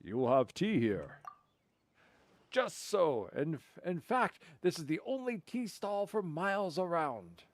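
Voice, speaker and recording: A man's voice: on the high side, sing-song, takes it slowly, heavily acted. A man voicing a shifty tea stall vendor, reading the lines aloud with a salesman's patter. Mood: salesy.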